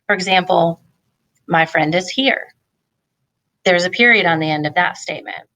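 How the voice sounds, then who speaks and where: A woman talks parents through reading games in a friendly, explanatory way, now and then pausing on an um. Her voice sits a little low but rings bright and forceful. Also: rough recording. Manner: friendly, explanatory, with filler ums. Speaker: family literacy presenter. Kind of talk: instructional talk for parents.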